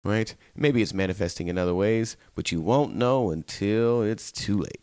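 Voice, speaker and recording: A tired man hosting a solo podcast, chatting casually, laughing often and slipping into quick quoted voices. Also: fairly low pitch, darkish tone, dry recording, clean studio sound. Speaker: podcast host.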